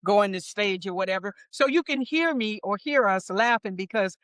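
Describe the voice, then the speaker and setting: A woman's voice: mid-range voice, normal speed, no echo. Middle-aged woman, interview guest, chatty storyteller, mid-range voice, dry close sound. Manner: lively anecdotes, acts out quoted voices; laughs easily. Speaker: interview guest, wardrobe supervisor.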